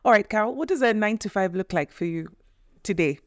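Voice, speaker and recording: A woman hosts a casual podcast interview, playful and affirming, and teases her guest with her questions. Her voice sits at a middle pitch and is recorded dry and close. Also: expressive, quick pace, no echo. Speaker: podcast host.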